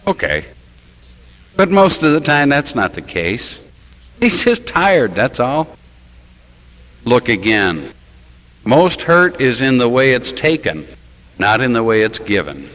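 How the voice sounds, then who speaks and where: A man's voice: mid-range voice, very animated, slow pace, pauses often, a bit bright, poor audio. A man who is a Catholic priest, preaching a sermon in a church with rhetorical questions and wry, self-mocking asides.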